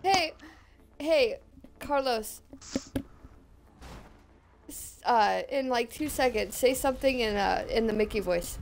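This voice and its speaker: A young woman gaming with friends over voice chat, giggly and excitable, swearing often. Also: on the high side, takes it slowly, creaky, long pauses, a little hiss or hum. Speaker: gamer in voice chat. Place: at home on online voice chat.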